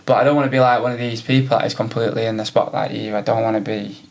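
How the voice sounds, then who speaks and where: Man, 30s, Manchester-tinged accent, gravelly, monotone, rambling podcast guest. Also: fairly low pitch, very fast. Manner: easygoing, rambling with many fillers. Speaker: podcast guest, business owner. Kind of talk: casual podcast chat.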